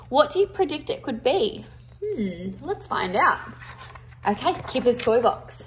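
A woman reads a children's picture book aloud, with a high, sing-song voice that swoops widely. She takes her time and stops to ask the children questions, stressing words with expression. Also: unhurried. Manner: interactive, asks the listeners questions; expressive, emphatic. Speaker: storyteller reading to children.

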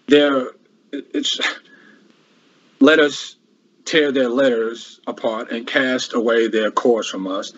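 Husky man preaching a Bible lesson. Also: medium pitch, lo-fi sound. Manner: repetitive, restarts often, rhetorical questions. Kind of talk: Bible class sermon.

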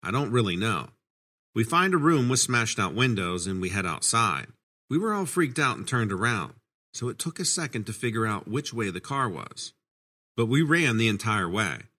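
A man with a fairly low voice narrates a first-person horror story in an easy, conversational way. His pitch moves a lot, rising and falling as he tells it, and his tone has a bright, forceful edge. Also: big pitch swings, normal speed.

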